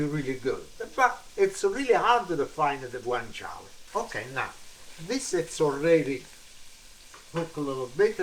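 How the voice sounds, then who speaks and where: A man's voice: fairly high pitch, fairly bright tone, echoey room, a little hiss or hum. An older man from Italy with a strong Italian accent, hosting a home cooking lesson in broken English and repeating words with enthusiasm. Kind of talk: casual cooking demonstration. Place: home kitchen.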